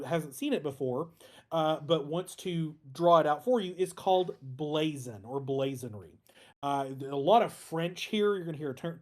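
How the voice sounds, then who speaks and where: A man's voice: on the high side, darkish tone. A man teaching a casual online class as instructor, talking informally with frequent ums and restarts and the odd dry joke. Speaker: heraldry instructor.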